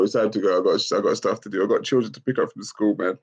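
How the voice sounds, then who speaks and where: A middle-aged man, casually chatting on a livestream and reading out comments, laid-back and quick to laugh. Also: fairly low pitch, steady tone, darkish tone, husky. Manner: laid-back, laughs often, calls people bro. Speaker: livestream host. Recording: dull lo-fi stream audio.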